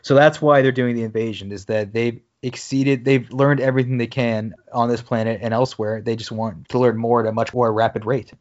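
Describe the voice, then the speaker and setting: Casual male podcast co-host, mid-pitched, plain voice, dull lo-fi audio, jokey recap delivery. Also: fairly even intonation, fairly quick, few pauses. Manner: recaps scenes by reading out dialogue, then jokes.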